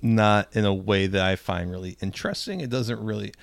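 A man co-hosting a casual comedy podcast with a hoarse, cracking voice, swearing and riffing. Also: lowish voice, a little fast, no echo. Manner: swears a lot, riffs and restarts. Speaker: podcast co-host.

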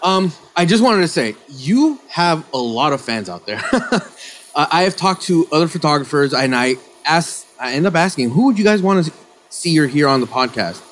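A man's voice: on the high side, very animated, moderate pace, a bit bright, a little hiss or hum. A man co-hosting a live photography podcast, talking in a jokey, friendly way. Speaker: podcast co-host. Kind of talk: casual live audio chat.

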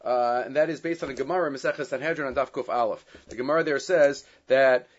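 A man teaching a Torah lesson, reading Hebrew and Aramaic texts and translating them, with many fillers and lively stretches when he retells a story. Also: mid-range voice, fast. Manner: grows loud and animated when retelling the story. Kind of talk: Torah class lecture. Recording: dull lo-fi sound.

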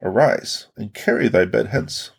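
Brief: man reading an earnest male teacher, husky and low, solemn rebukes in read-aloud narration. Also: animated, unhurried, exaggerated voice. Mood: rebuking.

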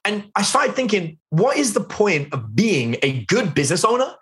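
Animated man teaching a live webinar. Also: high-pitched, moderate pace. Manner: chatty, asks the chat questions, lots of "like" and "right?". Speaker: online business instructor.

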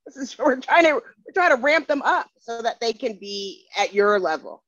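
A woman's voice: fairly high pitch, expressive, normal speed, a bit bright, no room sound. Earnest woman, dry lo-fi sound. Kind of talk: casual conversation.

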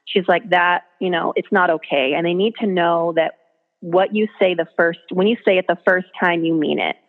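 A woman's voice: lowish voice, fairly even intonation, moderate pace. A woman, a mother and blogger, telling parenting stories in an earnest, chatty way. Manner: earnest, storytelling, acts out her kids' voices. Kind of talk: casual interview chat. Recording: tinny phone-line sound.

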